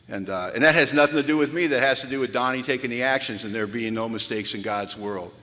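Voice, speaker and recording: A man in his fifties telling a story to a live audience, animated and acting out the dialogue. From Pacific Northwest of the US. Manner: animated, acts out dialogue, drops low for his own past self. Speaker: recovery retreat speaker. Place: large hall. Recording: reverberant hall.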